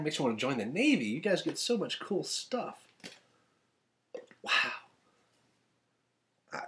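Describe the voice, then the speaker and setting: Male vlogger, low voice, rambling and excitable, home recording with faint background noise. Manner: excitable, rambling, self-deprecating jokes. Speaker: author unboxing fan gifts. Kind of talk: casual unboxing vlog. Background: thunder and a dog's collar.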